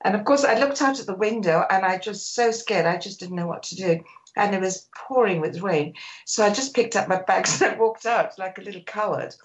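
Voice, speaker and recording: An older woman, a sports photographer, telling animated stories in a radio interview and acting out quotes. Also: medium pitch, brisk, poor audio. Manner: animated storyteller, acts out quotes.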